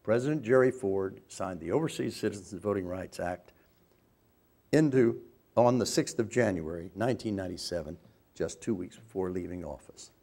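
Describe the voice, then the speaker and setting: A man's voice: low-pitched, expressive, moderate pace, mellow. An older American man giving a speech to an audience, telling anecdotes with wry asides and self-corrections. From United States. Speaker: speaker.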